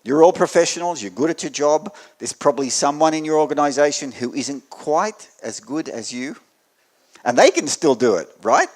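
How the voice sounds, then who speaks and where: A man with an Australian accent giving a technical meetup talk to an audience, with dry joking asides and swings in loudness. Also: fairly high pitch, lively intonation, moderate pace. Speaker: conference speaker. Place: meetup venue before an audience.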